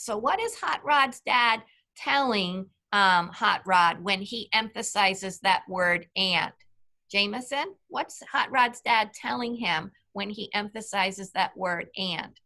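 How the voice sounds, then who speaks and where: Bright, slow-speaking woman teacher. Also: medium pitch, expressive. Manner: patient, clear, asks children questions by name. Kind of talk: online reading lesson.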